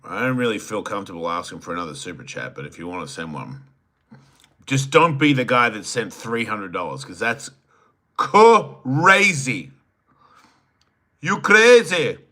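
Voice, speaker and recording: A man's voice: low voice, sing-song, a little fast, sharp tone. A man hosting a solo livestream, reading viewer chats aloud and answering them with crude joking banter that sometimes trails off into mumbles. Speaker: podcast host.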